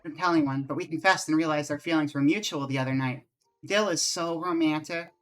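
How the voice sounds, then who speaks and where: A lovestruck young villager from a cozy game, read out by a man, confiding a secret in a bright, gushing voice. The delivery leans in with giddy warmth, with faint music behind. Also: a little high, fairly quick, pitched above the performer's own voice, close to an everyday voice.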